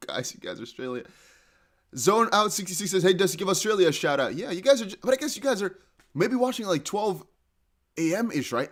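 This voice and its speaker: A man hosting a live crypto price stream, talking fast and excited with laughs and chanted hype lines. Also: high-pitched. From Netherlands. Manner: hyped, laughing, breaks into chanting.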